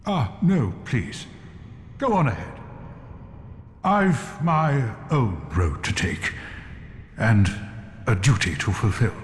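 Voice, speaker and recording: An actor playing an honorable, grateful knight who speaks in a formal, old-fashioned way. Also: male voice, mid-range voice, big pitch swings, reverberant, in a large hall, slight background noise. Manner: formal old-fashioned speech, measured and warm-hearted.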